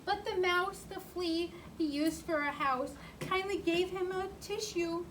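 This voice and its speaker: A woman reading a picture book aloud to a child in a slow, sing-song way, stopping to ask questions. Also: extremely high pitch. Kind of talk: read-aloud storytelling. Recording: distant mic with clear background noise.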